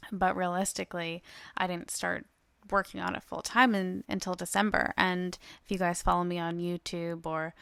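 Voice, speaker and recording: Chatty woman with a gravelly edge. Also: fairly low pitch, a bit bright, no room sound. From United States. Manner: chatty and upbeat, many fillers, laughs often. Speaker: podcast host. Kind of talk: solo podcast monologue.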